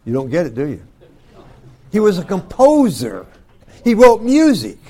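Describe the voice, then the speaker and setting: An older man teaching a youth Bible school class, folksy and joking, with loud bursts for emphasis. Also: high-pitched, huge pitch swings, measured pace. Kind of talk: folksy devotional talk to youth.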